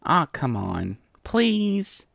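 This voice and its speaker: A man's voice: medium pitch, very animated, normal speed, no echo, clean studio sound. A man voicing a brash tomboyish young female pegasus pony who coaxes and pleads, from a storybook reading. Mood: pleading. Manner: cocky, pleading, wheedling.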